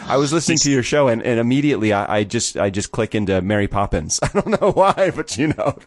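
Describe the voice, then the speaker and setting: A man's voice: mid-range voice, animated, fast talker, dry recording. Brash American male host, teasing and profane, dry close recording. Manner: brash, joking, swears freely. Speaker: podcast host. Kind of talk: casual chat.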